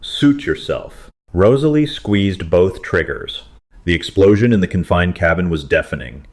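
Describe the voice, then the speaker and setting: Male audiobook narrator with a deep voice and a dramatic, steady read. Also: normal speed. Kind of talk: scripted story narration.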